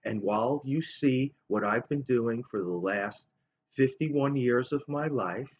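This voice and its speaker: A man's voice: medium pitch, a little hiss or hum. A man in his fifties telling a long, rambling story in a casual monologue. He acts out other people's voices as he tells it. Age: 50s. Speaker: vlogger. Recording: dull lo-fi recording.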